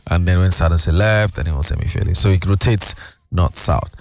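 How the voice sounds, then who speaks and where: A man's voice: low voice, fairly quick, creaky, a little mellow. A man, a guest explaining financial news at length in casual chat, with many fillers. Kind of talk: casual radio-style chat.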